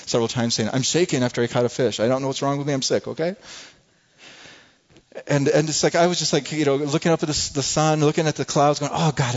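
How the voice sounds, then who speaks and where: A man preaching a sermon, telling a folksy, animated personal story with frequent restarts. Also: medium pitch, muffled recording. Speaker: pastor.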